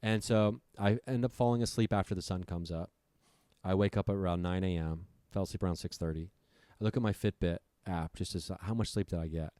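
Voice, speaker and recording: Deep-voiced guy swearing his way through a story on a podcast, dry close mic. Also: fairly even intonation, brisk, dark tone, clean tone, dry recording. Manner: profane, breathless retelling. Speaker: podcast guest.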